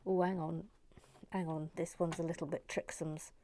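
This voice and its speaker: A woman hosting a relaxed Lego building video, chatting casually and muttering softly to herself with self-mocking asides. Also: low-pitched, moderate pace, a little hiss or hum. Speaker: host building a Lego model. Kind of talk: casual chat while building.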